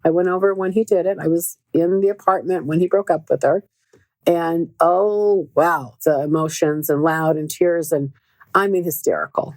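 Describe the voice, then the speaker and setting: A middle-aged woman with a lowish voice tells a story as a relationship coach. She talks earnestly and leans on repeated words for emphasis. The recording is close and dry. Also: steady tone, normal speed, darkish tone, dry recording. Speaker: podcast host and relationship coach. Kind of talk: casual storytelling monologue.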